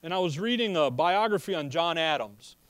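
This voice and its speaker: A man's voice: a little high, animated, brisk, a bit bright, clean tone, no echo. A man preaching a sermon in a conversational way, asking rhetorical questions and telling personal stories with a chuckle. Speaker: pastor.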